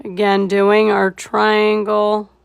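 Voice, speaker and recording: A woman's voice: medium pitch, monotone, takes it slowly, vocal fry, clean tone. A woman leading a live painting tutorial, laid-back and thinking aloud as she works. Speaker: painting instructor.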